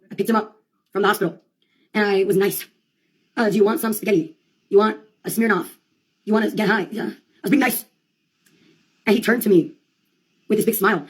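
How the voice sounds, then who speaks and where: Fast-talking husky woman, rambling comic monologue. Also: mid-range voice. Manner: profane, rambling, deadpan asides. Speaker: comedian.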